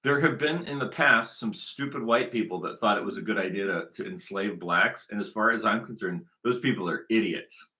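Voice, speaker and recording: A man's voice: on the low side, fairly quick, hardly any pauses, pushed and bright. A man hosting his own channel, talking in an emphatic, rambling unscripted monologue that is full of repetition and restarts. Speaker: channel host.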